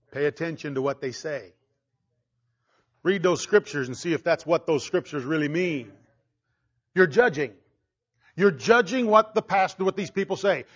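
A man with a high, light voice preaches in a loose, conversational way. He stays animated and keeps slipping into small acted voices to quote others. The recording sounds dull and lo-fi. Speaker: pastor. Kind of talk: sermon.

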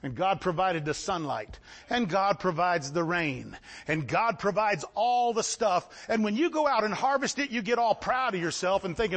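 A man preaching a sermon, swinging between shouted lines and low asides. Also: expressive, normal speed.

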